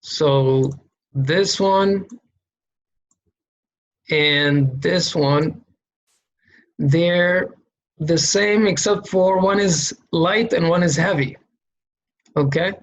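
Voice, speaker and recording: A man's voice: a little high, extremely slow, pauses often, low-quality recording. A man teaching a reading lesson, explaining letter shapes and sounds step by step, patiently repeating each sound and checking in with "okay?". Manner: demonstrates sounds by repeating them.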